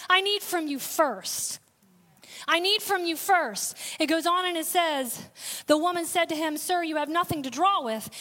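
A woman's voice: extremely high pitch, pushed and bright. A woman pastor, preaching a sermon with call-outs and sudden bursts of intensity.

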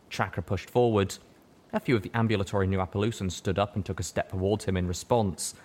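A man narrating a fan fiction audiobook with expressive storytelling. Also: fairly low pitch, fairly quick.

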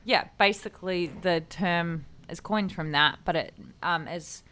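Brief: female co-host, very low voice, relaxed conversational recounting. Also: measured pace. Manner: relaying news stories in a conversational way. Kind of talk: casual chat.

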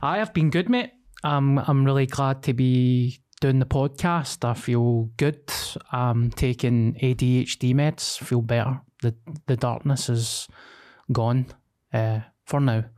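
A man's voice: mid-range voice, slow, a little mellow. A man with a Glasgow accent, co-hosting a podcast in laid-back, casual banter. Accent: Scottish, Glasgow. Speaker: podcast co-host.

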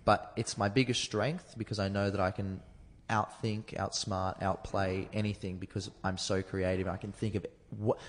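Low-voiced Australian man, candid storyteller. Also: flat delivery, normal speed, hardly any pauses, long reverb tail. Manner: candid, rambling, swears freely. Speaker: comedian guest. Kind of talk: candid storytelling in casual chat.

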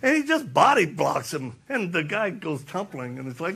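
A man's voice: a little high, sing-song, a little fast, gravelly, hardly any pauses, pushed and bright. A middle-aged man preaching a passionate sermon, repeating lines for emphasis and acting out stories with laughter. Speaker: speaker and preacher. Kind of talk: impassioned sermon with storytelling.

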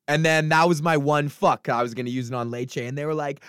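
A man's voice: on the high side, fairly even intonation, normal speed, fairly bright tone, clean tone, no room sound, clean studio sound. A man hosting his podcast, ranting casually and swearing a lot, rambling with fillers and restarts, with a lingering cough. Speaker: podcast host, stand-up comic.

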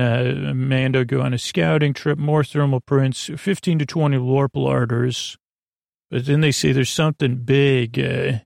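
A man's voice: medium pitch, vocal fry, a little mellow, no room sound. A man hosting a podcast, giving a rambling, comedic recap of a TV episode. He halts often and acts out the characters' lines in a dry, offhand way. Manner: rambling, halting, full of fillers and restarts; dry, offhand retelling of scenes with quoted lines. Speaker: podcast host.

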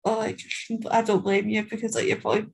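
A woman's voice: mid-range voice, level tone, quick pace, gravelly, breathy edge, rough recording. A woman co-hosting a podcast, chatting casually with wry, offhand asides. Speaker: podcast co-host. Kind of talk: casual chat.

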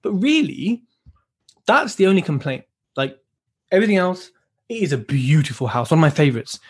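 A man's voice: a little high, very animated, fairly quick, husky. A man, co-hosting a podcast and talking reflectively in casual chat. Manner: reflective, leans on "you know" and "right". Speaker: podcast co-host. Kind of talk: casual conversation.

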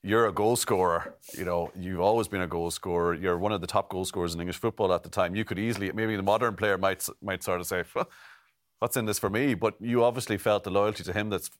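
Very deep-voiced male interviewer. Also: steady tone, fast, few pauses. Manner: long winding questions with fillers. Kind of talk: conversational interview questions.

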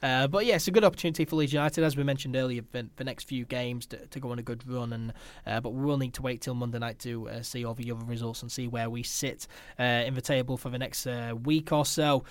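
Host, man, mid-pitched, halting delivery full of "uh"s, dry close sound. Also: fairly even intonation, dry recording. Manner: hesitant, many filler "uh"s. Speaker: podcast host. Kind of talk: football fan podcast chat.

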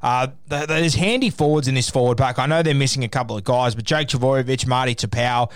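A man's voice: mid-range voice, a little fast, no echo, studio quality. Chatty man giving footy tips. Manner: chatty, opinionated, with fillers. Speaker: rugby league tipster host. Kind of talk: casual podcast sports tips.

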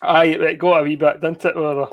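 A Scottish man co-hosting a live podcast, laughing often and reading out viewer comments, his voice a bit husky. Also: fairly high pitch, level tone, fairly quick. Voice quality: husky tonight. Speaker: podcast co-host. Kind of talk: casual live podcast chat.

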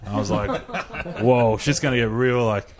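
A young man, a guest chef telling a story in animated, casual chat, swearing freely and stacking up fillers. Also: mid-range voice, normal speed, crowd noise.

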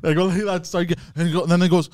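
Animated, foul-mouthed man telling a story. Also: high voice, very fast, clear, resonant tone, no room sound, clean studio sound. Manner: swearing, animated retelling with shouted quotes. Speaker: podcast co-host. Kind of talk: casual storytelling chat.

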